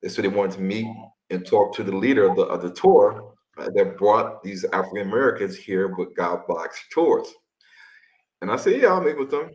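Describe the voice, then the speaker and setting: A man, a tour leader, telling a story in a casual, animated way, often repeating words and acting out what people said. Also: sits low, normal speed. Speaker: tour leader and guest speaker. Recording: echoey room.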